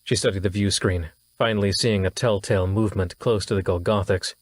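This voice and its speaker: A man narrating a science fiction audiobook in a steady, even storytelling manner. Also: sits low, a little fast. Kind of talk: scripted narration.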